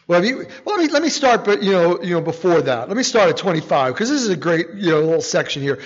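A man giving a conversational sermon, animated, with frequent rhetorical asides and "right?". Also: sits high, normal speed. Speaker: preacher. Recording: dull sound with long hall reverb.

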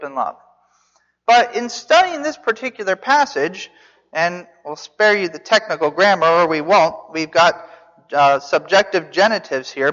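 Speaking in a high, sharp-toned voice, this man teaches from the Bible as a pastor, chatting with his audience, asking them questions, and restarting now and then. The recording is dull, set in a hall with lots of reverb.

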